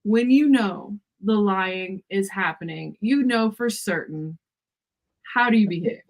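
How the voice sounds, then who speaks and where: A woman's voice: mid-range voice, unhurried. A woman hosting an online summit, asking a guest direct, encouraging questions. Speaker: host. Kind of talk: interview questions.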